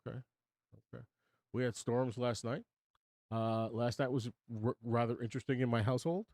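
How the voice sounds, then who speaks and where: A man's voice: mid-range voice, fairly even intonation, moderate pace, a little mellow, no room sound. A man in his sixties hosting a casual livestream from his home studio, chatting with viewers in a rambling, self-deprecating way. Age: 60s. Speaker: livestream host.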